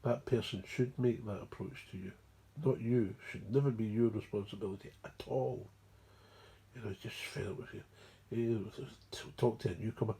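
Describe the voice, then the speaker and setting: Mumbling Scottish man, gravelly and dark. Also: on the low side, steady tone, normal speed. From Scotland. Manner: mumbling, digressive. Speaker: recovery speaker. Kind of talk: rambling spoken explanation.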